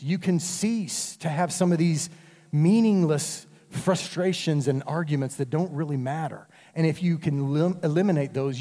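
A middle-aged male pastor preaches in a loose, conversational way and keeps checking whether the congregation is following along. His voice sits a bit high but sounds mellow and warm. It rings out with the long reverb of a large hall. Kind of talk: sermon.

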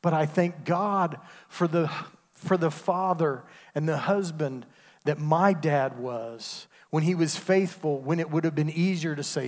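A man's voice: on the high side, unhurried, darkish tone. A man, preaching a sermon with call-and-response asides. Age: 50s. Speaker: pastor. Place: church sanctuary. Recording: long hall reverb.

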